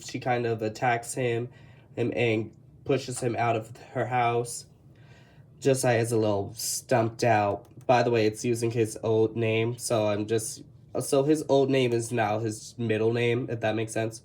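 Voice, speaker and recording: Mellow-voiced Texan, rambling casual chat. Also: mid-range voice, level tone, unhurried. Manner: rambling, self-correcting, chatty. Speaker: artist showing a sketchbook. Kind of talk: casual commentary.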